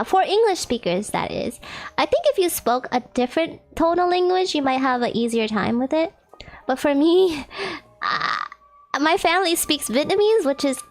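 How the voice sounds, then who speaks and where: A young American woman streaming a visual novel, reading it aloud and chatting with lots of giggles. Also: high voice. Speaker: game streamer.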